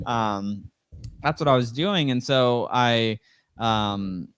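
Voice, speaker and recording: Young male guest, smooth clear voice, dry close sound, rambling storyteller who acts out quotes. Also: medium pitch, takes it slowly, fairly bright tone, no echo. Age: 20s. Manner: rambling, heavy use of "like" and "you know"; acts out quoted dialogue in a raised voice. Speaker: interview guest, real estate investor. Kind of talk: casual storytelling interview.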